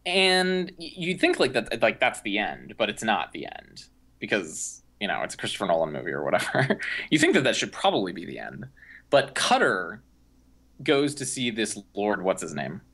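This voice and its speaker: A man's voice: lowish voice, very animated, normal speed, a bit bright, husky. A young man co-hosting a podcast, recapping a film in a rambling, casual way with lots of fillers and restarts. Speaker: podcast co-host. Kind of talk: casual movie discussion.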